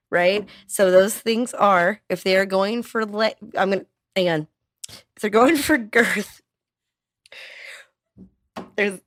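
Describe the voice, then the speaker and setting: A woman's voice: fairly low pitch, a bit bright, dry recording. Blunt sarcastic woman, dry sound. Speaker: podcast guest. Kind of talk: casual podcast chat.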